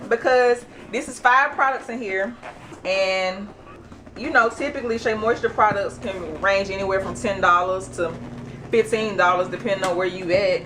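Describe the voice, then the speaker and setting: A woman chatting casually through an unboxing, animated and excitable. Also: mid-range voice, moderate pace, slight background noise. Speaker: beauty vlogger.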